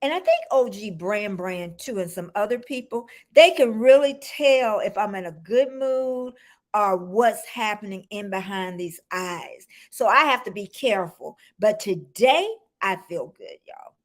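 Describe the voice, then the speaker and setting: A woman in her sixties hosting a casual livestream, greeting viewers by name and chatting warmly with frequent ums. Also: mid-range voice, expressive, a little slow. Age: 60s. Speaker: livestream host.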